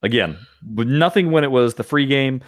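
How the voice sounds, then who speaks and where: A man's voice: medium pitch, expressive, normal speed, no room sound, clean studio sound. A man hosting a podcast, chatting casually and animatedly, with frequent laughs. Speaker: podcast host. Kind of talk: casual chat.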